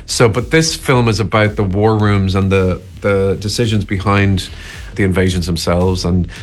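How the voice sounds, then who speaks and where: A middle-aged actor being interviewed, talking casually and thoughtfully, with lots of hesitations and restarts. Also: male voice, deep voice, steady tone, moderate pace.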